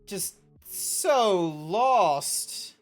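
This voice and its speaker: An Australian woman talks to her live-stream chat in loose, rambling bursts and swears freely as she reacts to what viewers type. Her voice sits in a middling pitch range for a woman. Quiet music plays faintly in the background. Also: animated, extremely slow. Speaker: Twitch streamer.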